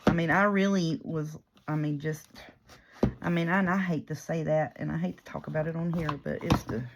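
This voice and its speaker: Low-voiced woman chatting while crafting. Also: steady tone, a little fast, noisy background. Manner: chatty, rambling, self-mocking storyteller. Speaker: paper crafter and YouTuber. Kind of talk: casual chat while crafting.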